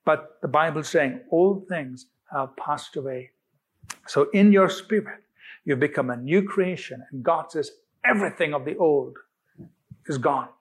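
A man preaching a sermon, emphatic and repetitive, drawing out key phrases slowly for stress. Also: a little high, slightly rough. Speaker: pastor.

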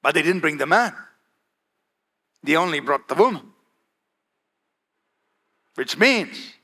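Male preacher, high bright voice, emphatic sermon, keeps asking amen. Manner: emphatic, calls for "Amen?" and varies pace for effect.

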